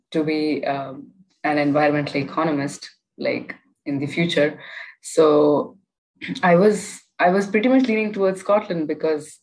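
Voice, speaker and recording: A woman's voice: deep voice, a little mellow, rough recording. A young woman, a student guest, talking casually in an interview, rambling with lots of fillers and restarts.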